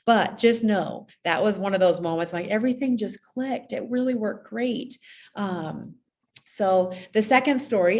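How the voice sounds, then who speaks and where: A woman's voice: on the low side, darkish tone. A woman school guidance counselor telling classroom stories in a conversational presentation, often checking in with her listeners and acting out the children's voices. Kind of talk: storytelling presentation.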